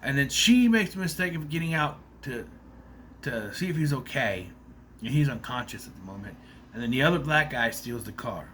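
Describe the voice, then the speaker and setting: A man talks through a film's plot in a loose, rambling vlog style, dropping curses along the way. His voice is bright and swings widely in pitch. A faint room ambience sits behind him. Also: lively intonation, moderate pace, a little hiss or hum. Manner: rambling, loose, swears freely. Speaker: movie recap vlogger. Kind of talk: casual spoken movie recap.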